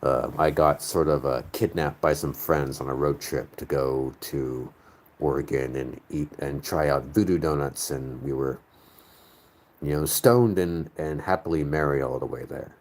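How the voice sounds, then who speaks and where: Here a very deep, slightly mellow male voice takes its time. The speaker is the host of a casual live chat, a man from the northern United States who reads viewer comments, rambles, and searches out loud for what to say.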